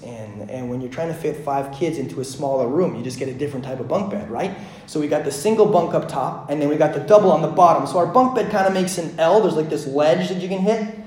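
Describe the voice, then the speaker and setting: A pastor in his thirties preaching a sermon, telling a family story in a conversational way full of fillers, moving between hushed and loud passages. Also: fairly high pitch. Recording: echoey room.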